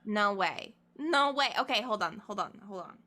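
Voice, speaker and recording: A woman's voice: mid-range voice, expressive, normal speed, pushed and bright. A woman playing a tabletop game who narrates her character casually, giggles, and uses 'like' a lot. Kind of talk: casual role-play narration.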